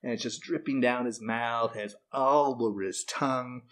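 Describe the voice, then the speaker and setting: A podcast co-host tells a long, crude joke during casual chat, rambling with plenty of fillers and laughing often. His mid-range voice is a bit bright and moves at normal speed.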